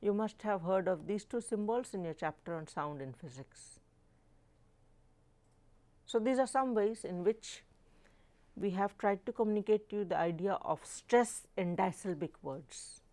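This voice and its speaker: A middle-aged woman professor with an Indian English accent gives a slow, deliberate lecture, repeating definitions and stressing words to demonstrate pronunciation. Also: mid-range voice, expressive, dark tone. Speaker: professor teaching a live online course.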